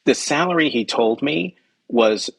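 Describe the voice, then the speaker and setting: A man's voice: unhurried, gravelly, slightly rough, poor audio. A male journalist, a guest on a podcast, telling a personal story in conversation, acting out quoted dialogue with jumps in his voice and frequent ums. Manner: animated, acts out quoted dialogue with pitch jumps; frequent ums and self-corrections.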